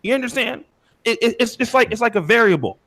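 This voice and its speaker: A man with a high, very lively voice, arguing a point in casual debate. He stops and restarts often, repeating words as he works out what he means. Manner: halting, repeats words while building an argument. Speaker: podcast co-host.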